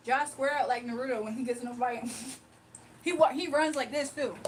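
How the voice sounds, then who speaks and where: A woman hosting a casual livestream, talking with her chat in a loose, joking manner and laughing often. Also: high-pitched. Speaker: livestream host. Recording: voice from a distance with faint background noise.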